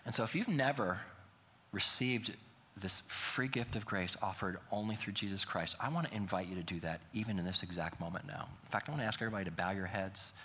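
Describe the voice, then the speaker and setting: A man's voice: lowish voice, fairly quick, pushed and bright, big-room sound, slight background noise. A man preaching a sermon as pastor, earnest and building to emphatic appeals.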